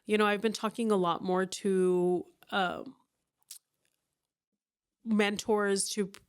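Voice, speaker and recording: A woman around forty, a business owner talking candidly in a casual interview and acting out her own thoughts in quick asides. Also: medium pitch, steady tone, clear, resonant tone. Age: about 40.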